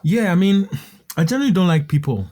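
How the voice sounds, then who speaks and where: A man's voice: sits high, expressive, quick pace, darkish tone. A man chatting as a guest musician on a podcast, laid-back and candid, laughing easily. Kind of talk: casual podcast chat.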